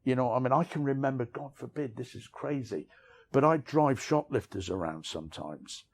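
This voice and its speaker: With lively intonation and a moderate pace, a middle-aged man's mid-range voice carries candid, rambling recollections of his past. He's an author interviewed outdoors on city streets, frank and self-mocking, forever adding "you know what I mean."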